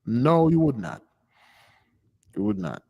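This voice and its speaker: A man hosting a spiritual channel, preaching casually to followers in an animated, emphatic and mocking way. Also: medium pitch, slow pace, husky, long reverb tail, highs cut off. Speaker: channel host giving a spiritual talk.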